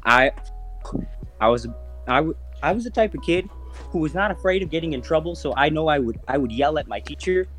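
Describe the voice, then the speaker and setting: A man's voice: on the high side, brisk, soft background music. A man in his twenties telling a story on a podcast, swearing freely and acting out the voices in his tale. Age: 20s. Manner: profane, animated, acts out voices in his stories. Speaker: podcast host. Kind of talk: casual storytelling.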